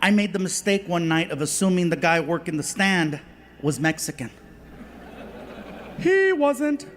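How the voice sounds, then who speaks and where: A man doing a stand-up comedy routine on stage, telling an animated story. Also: a little high, fairly quick, long reverb tail. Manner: storytelling, animated, slips into voices. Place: on stage before a live audience. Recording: noisy live comedy club recording.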